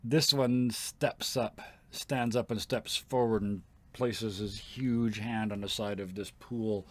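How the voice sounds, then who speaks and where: A man narrating a tabletop game as game master, slow and descriptive with fillers. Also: lowish voice, fairly even intonation, a bit bright.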